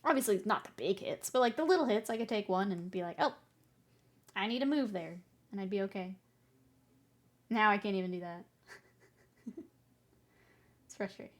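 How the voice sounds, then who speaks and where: Her voice is mid-range and her speed normal, but she leaves long pauses while painting miniatures and chatting casually with viewers on stream. She rambles playfully, teases herself and often giggles between remarks.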